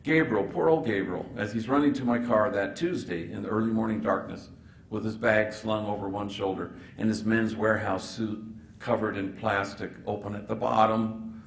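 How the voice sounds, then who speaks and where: A man with a gravelly, mid-pitched voice tells a story from the stage, acting out each character's lines with playful asides. The sound is echoey, as if caught in a large event hall, with a faint hiss behind it. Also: moderate pace. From Los Angeles. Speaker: priest giving a keynote address. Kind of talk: storytelling keynote speech.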